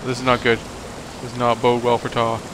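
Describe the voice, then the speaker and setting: A man's voice: medium pitch, monotone, normal speed. A young man commenting on his game as a let's play host, joking and rambling and talking back at the enemies. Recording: noisy home recording.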